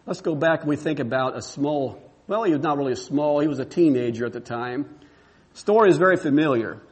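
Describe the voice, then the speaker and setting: A man's voice: on the high side, fairly quick. A man pastor preaching a sermon, repeating emphatic rhetorical questions.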